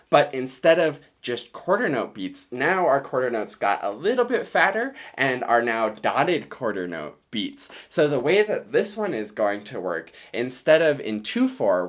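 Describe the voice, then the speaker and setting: An encouraging music teacher leads a lesson for children, counting the beats aloud so the listener can clap along. The pitch of the voice swings widely and lively, which keeps the counting bright.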